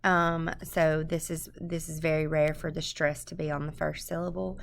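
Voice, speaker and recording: A woman giving a screencast lecture, explaining step by step in a halting way with frequent pauses to think. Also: low-pitched, level tone, creaky, slight background noise. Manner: halting, explanatory, many um fillers. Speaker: presenter explaining a poem.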